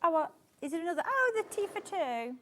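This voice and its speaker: A woman presenting store deals on a live shopping channel, bubbly and a bit flustered, quick to laugh. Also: very high-pitched, sing-song, noisy background. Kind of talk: live TV sales chat. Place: TV studio.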